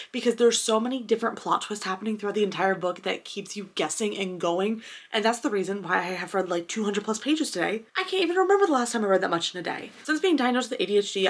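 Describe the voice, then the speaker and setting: A woman's voice: medium pitch, a bit bright. Gushing young woman book vlogger. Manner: gushing and self-dramatizing. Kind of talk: casual reading vlog. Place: at home in her apartment.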